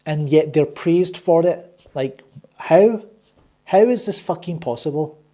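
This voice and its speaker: A sarcastic man rants his way through a film review, swearing freely. His voice sits a bit high for a man, with a husky, breathy grain and a warm, mellow tone. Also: expressive, unhurried. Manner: sarcastic, swears a lot, exasperated. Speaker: movie reviewer and channel host. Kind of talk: ranting casual review.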